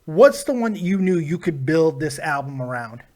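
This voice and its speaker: High-voiced excitable man hosting a live show. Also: moderate pace. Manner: excitable, sings and laughs between words. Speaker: host. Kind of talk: casual live-stream chat. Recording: music playing in the background.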